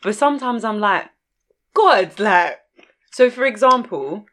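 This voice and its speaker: A woman's voice: medium pitch, animated, moderate pace, a bit bright. A woman, co-hosting a casual podcast chat, candid and laughing often. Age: 30s. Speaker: podcast co-host.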